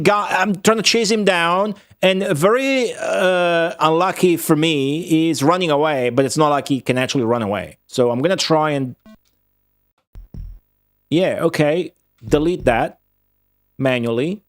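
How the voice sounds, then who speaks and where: A young man streaming a strategy game, talking to viewers in excitable commentary full of swearing. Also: a little high, dry recording, studio quality. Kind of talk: casual gameplay commentary.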